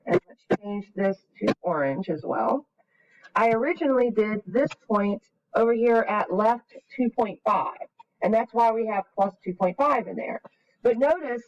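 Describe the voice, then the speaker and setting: A woman's voice: fairly high pitch, recorded from a distance, lo-fi sound. Woman teacher explaining math step by step. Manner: patient step-by-step explaining, thinking aloud. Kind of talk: recorded screen lesson.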